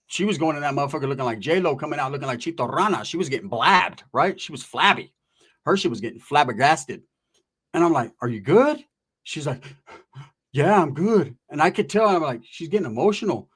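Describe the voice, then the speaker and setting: A man's voice: a little high, slightly rough. A man from Northern California telling a wild personal story in casual street slang, swearing freely and acting out the voices of the people in it. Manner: animated, profane street slang, acts out voices.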